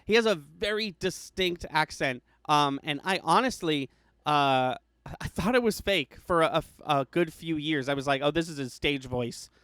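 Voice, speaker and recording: A man's voice: on the high side, normal speed, fairly bright tone, smooth, no room sound. A man co-hosting a podcast, chatting casually about a movie and rambling with many restarts and fillers. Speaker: podcast co-host.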